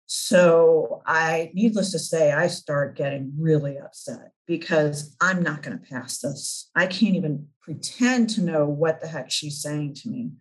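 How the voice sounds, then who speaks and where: A woman in her thirties, a guest on an interview show, telling a personal story with animated acted-out dialogue and frequent laughter. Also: sits low, unhurried, few pauses, low-quality recording. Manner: animated storyteller who acts out remembered dialogue, laughs often.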